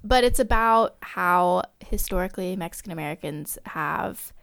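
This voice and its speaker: A woman's voice: lowish voice, expressive, moderate pace, fairly bright tone, no room sound. Woman podcaster rambling casually, lots of likes, dry close sound. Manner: chatty, many likes and ums. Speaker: podcast co-host. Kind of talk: casual chat.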